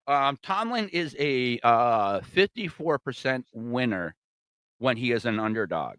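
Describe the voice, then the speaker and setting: A man co-hosts a sports podcast with a bright, forward voice that moves up and down a lot as he adds betting figures. His pitch sits in the middle. The recording is dry and close. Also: sing-song, a little slow, clear, resonant tone, no room sound. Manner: brief agreeing backchannels, adds betting stats. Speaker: podcast co-host. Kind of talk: casual sports betting chat.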